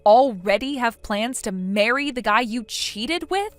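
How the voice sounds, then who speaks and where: A woman voicing a blunt female friend who lectures a cheater in a text story, in a somewhat high voice. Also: expressive, measured pace, dry recording. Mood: stern.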